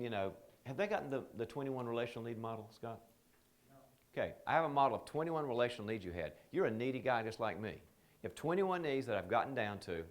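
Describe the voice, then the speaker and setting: Joking man teaching a live seminar. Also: mid-range voice. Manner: conversational, joking, drops into quoted voices. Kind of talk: live training seminar talk.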